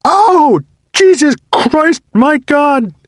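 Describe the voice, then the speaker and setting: A man's voice: animated, very slow, no echo, studio quality, exaggerated voice. A man reading aloud voices a young male Marine who has been shot and is crying out in pain, panicked and pleading. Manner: pleading, panicked high cries.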